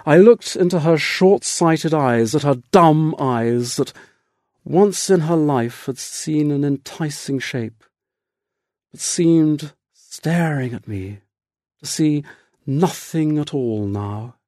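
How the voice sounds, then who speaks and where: Male audiobook narrator: unhurried, measured literary read, mellow tone, dry booth sound. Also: fairly high pitch, no echo. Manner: measured, deliberate literary reading. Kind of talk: scripted narration.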